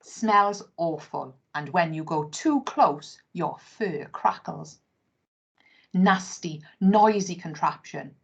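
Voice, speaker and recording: A woman's voice: medium pitch, big pitch swings, unhurried, breathy edge, full character voice. A woman voicing a chatty, friendly male dog who talks heartily and takes offence easily in a storybook reading. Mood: disgusted. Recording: dull lo-fi recording.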